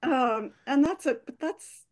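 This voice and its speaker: A woman speaking as an expert guest on a radio show, calmly explaining research. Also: high-pitched. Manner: calm, explanatory, measured.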